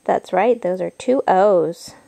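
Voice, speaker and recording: Woman, parent on a home video, very slow and gravelly, coaxing a toddler in the living room. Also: medium pitch, mellow. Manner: slow, sing-song questions to a small child. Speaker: parent filming her toddler.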